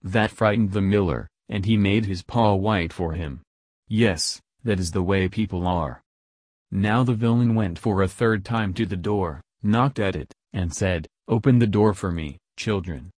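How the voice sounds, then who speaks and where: A man calmly reading a fairy tale aloud as bedtime story narration. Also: low voice, a little slow, dry recording, studio quality. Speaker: storybook reader.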